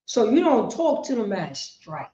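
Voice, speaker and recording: A woman leads a class in a high voice. She preaches emphatically and repeats herself, jumping between loud bursts and quiet asides. She sounds muffled and lo-fi, in an echoey room. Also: sing-song, unhurried. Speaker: class teacher.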